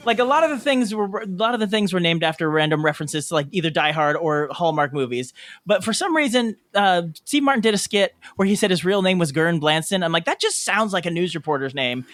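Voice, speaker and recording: A man's voice: sits high, expressive, a little fast, a bit bright. A man hosting a podcast in casual chat, rambling and full of fillers. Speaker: podcast host.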